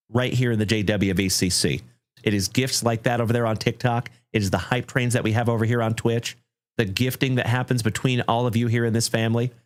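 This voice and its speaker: A man hosting a livestream trading card break, thanking viewers effusively and calling out cards with excitement. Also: mid-range voice. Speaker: live card break host.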